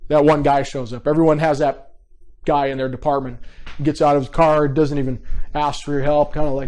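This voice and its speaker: A man's voice: a little high, level tone, fairly quick, a little mellow. A man teaching a behavior profiling class over a video call. He talks casually and directly and keeps checking in with the class. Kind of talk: live online coaching class.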